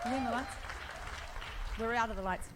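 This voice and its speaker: A woman's voice: on the high side, brisk, a loud crowd, heavy background noise. A middle-aged woman telling rambling, playful anecdotes as a guest on a convention stage, laughing often as she talks.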